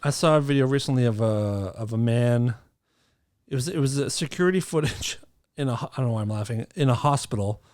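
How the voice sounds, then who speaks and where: A man's voice: medium pitch, brisk, darkish tone. A man co-hosting a podcast, chatting casually and dropping sarcastic, joking asides. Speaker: podcast co-host. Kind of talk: casual chat.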